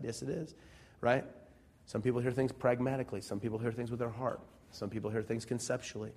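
Male pastor from Central Illinois, mid-pitched, preaching in church. Chatty sermon with rhetorical questions and loud-soft swings. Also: fairly even intonation, fast, few pauses.

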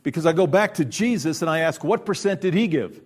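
A man's voice: a little high, expressive, fairly quick, breathy edge. A middle-aged man giving an earnest, conversational Christian workshop talk, often checking in with "right?". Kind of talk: sermon-style workshop talk.

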